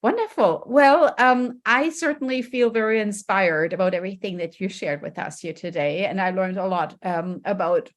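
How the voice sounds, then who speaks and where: A woman's voice: mid-range voice, moderate pace, hardly any pauses. A woman hosting a podcast interview, upbeat and encouraging, with frequent ums. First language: German. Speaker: podcast host. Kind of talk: casual interview chat.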